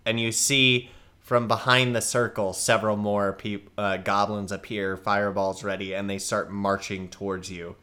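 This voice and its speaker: A man narrating scenes as game master in a tabletop game, in a relaxed, descriptive way. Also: fairly low pitch, normal speed.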